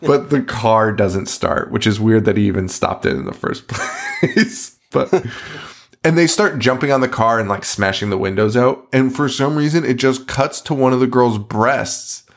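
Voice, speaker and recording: A man's voice: medium pitch, wildly swooping pitch, normal speed, creaky. A man hosting a podcast, recapping a movie in casual chat, swearing often and laughing in disbelief. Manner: profane, laughing, incredulous storytelling. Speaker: podcast host.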